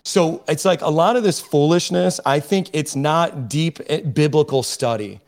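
A man's voice: fairly high pitch, moderate pace, a little mellow. A man speaking as a podcast guest, emphatic and preachy, often restarting his sentences as he builds his point. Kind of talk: impassioned podcast discussion.

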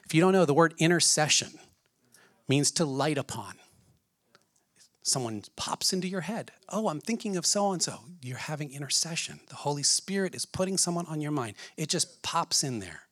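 A man's voice: fairly high pitch, animated, moderate pace, fairly bright tone, dry recording. A man preaching a sermon in an earnest way, asking his listeners many questions. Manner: earnest, asks the audience questions.

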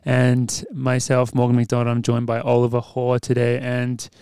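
A man's voice: medium pitch, completely flat delivery, normal speed, warm tone, clean tone, no room sound, clean studio sound. An Australian man hosting a podcast, chatting casually in laughing, easygoing banter. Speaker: podcast host. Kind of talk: casual chat.

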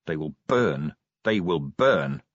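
A grim, weary middle-aged watch commander, as a male narrator plays him, speaking low and clipped. The voice is husky. The recording is dry and a little lo-fi. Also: animated, slow, no echo, full character voice. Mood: vengeful. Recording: dull dry lo-fi audiobook recording.

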